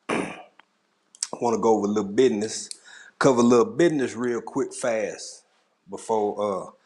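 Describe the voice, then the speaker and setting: A man hosting a casual livestream, greeting viewers in the chat one by one in a laid-back way. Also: mid-range voice. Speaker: livestream host. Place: home at a camera.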